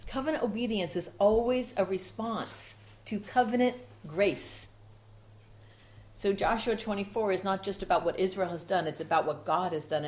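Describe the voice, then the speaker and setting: A woman's voice: lowish voice, darkish tone. A woman preaching a sermon with rhythmic repetition and strong emphasis.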